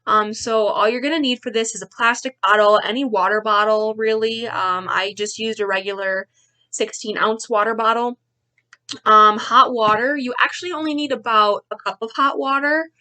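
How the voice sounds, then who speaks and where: A young woman teacher reading a picture book aloud to children, expressive and playful with the sound words, then chatting to the kids about activities. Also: on the high side, moderate pace.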